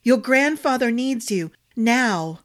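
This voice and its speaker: A woman's voice: on the high side, lively intonation, slow pace, no echo, clean studio sound, voice pushed up. A woman voicing a worried old female palace cook with urgent, breathless speech.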